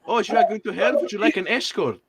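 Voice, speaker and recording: A man's voice: high-pitched, animated, fast, crowd noise. A man putting on a mock German accent with a Scottish twist, talking theatrically and gleefully during an online game chat. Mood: mock-polite. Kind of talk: playful accent impressions among players.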